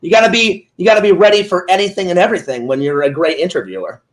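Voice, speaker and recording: A man with a high-pitched voice hosts a loose, casual interview. He jokes around and drifts into long rambling stories in an easygoing chat tone. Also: very fast, low-quality recording. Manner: rambling, playful storyteller, joking. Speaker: interview host, Twitch streamer.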